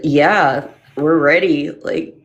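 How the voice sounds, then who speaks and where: A woman's voice: low-pitched, steady tone, very slow, dull audio. A Canadian woman calling in to a chat show, joking dryly and giggling. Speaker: caller.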